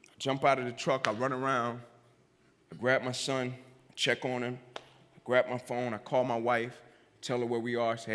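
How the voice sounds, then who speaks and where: A man giving a motivational keynote, telling his story dramatically and using repetition to build tension, with sudden drops to a hush. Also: mid-range voice, little pitch movement, normal speed, pauses often. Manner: builds intensity with repetition, swings between loud and hushed. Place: large event venue on stage. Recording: long reverb of a big live hall.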